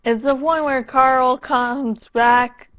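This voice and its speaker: A woman vlogger talks slowly and with sarcasm, her voice a little high. She swears freely and keeps a playful edge. The recording sounds dull and lo-fi. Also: fairly even intonation. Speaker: vlogger reviewing a TV episode. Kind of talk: casual review vlog.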